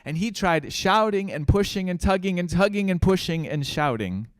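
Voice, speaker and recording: A man, a guest speaker, telling a children's story in a sermon, gentle and trailing off quietly at line ends. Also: mid-range voice, smooth, no room sound.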